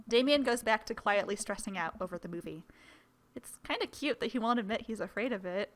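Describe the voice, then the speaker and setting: A woman's voice: medium pitch, lively intonation, fairly quick, fairly bright tone, a little hiss or hum. A woman hosting a let's-play, reading a dating game aloud and adding playful, chatty asides to the characters.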